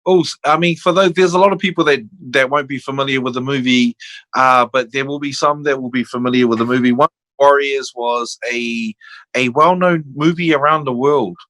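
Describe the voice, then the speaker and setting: A man's voice: mid-range voice, brisk, no echo, poor audio. An older man with a New Zealand accent, a podcast guest telling stories in casual chat and acting out the voices of people in them. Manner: animated storyteller, acts out quoted voices.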